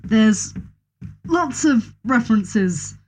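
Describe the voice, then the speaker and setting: A woman's voice: a little high, lively intonation, drawn-out words, a little mellow. A woman guest on a casual podcast, joining over a remote call and talking in a laid-back, frank way.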